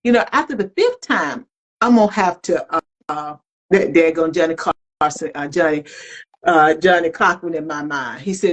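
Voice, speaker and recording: Animated, expressive woman co-host. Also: deep voice, normal speed, poor audio. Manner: animated, colloquial, self-reflective. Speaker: podcast co-host. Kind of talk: candid conversational talk.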